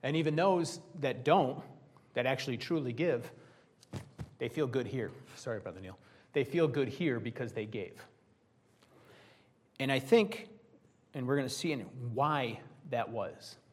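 A man preaching a conversational sermon to a Bible study group, lively, with joking asides to his listeners. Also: mid-range voice, measured pace.

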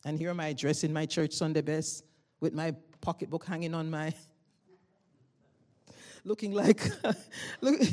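A woman giving a spoken testimony to a congregation, telling a story with lively swings from loud exclamations to hushed tones and frequent laughter. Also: sits low, moderate pace. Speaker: church member giving testimony.

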